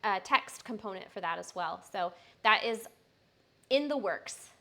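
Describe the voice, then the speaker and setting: Bright, chatty young woman trainer. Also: medium pitch, expressive, unhurried, gravelly. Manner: chatty and upbeat, frequent fillers. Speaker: personal trainer. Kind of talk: casual live-stream chat.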